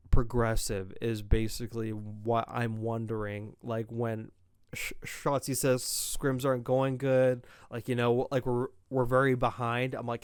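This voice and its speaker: A young man talks through his esports opinions on his own podcast, rambling and doubling back as he goes. His voice is smooth and resonant, mid-pitched, recorded close and dry with no room sound. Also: no echo. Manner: rambling, opinionated, self-interrupting. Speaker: podcast host. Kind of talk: casual solo esports commentary.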